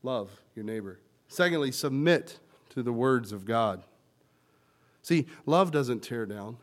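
A male pastor preaching a sermon, swinging from loud emphatic lines to quiet ones as he explains and quotes scripture. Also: mid-range voice, animated, slow. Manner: teaching word meanings and quoting scripture.

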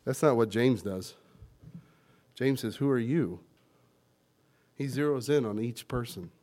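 A male pastor preaching a sermon, swinging from loud emphatic lines to quiet ones as he explains and quotes scripture. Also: mid-range voice, a little slow. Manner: teaching word meanings and quoting scripture.

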